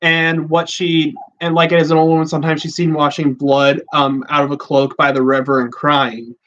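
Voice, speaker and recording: A man's voice: a little high, level tone, normal speed, a bit bright. Chatty man with a dull lo-fi sound. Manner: chatty, rambling with many fillers. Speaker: podcast host. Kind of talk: casual livestream talk.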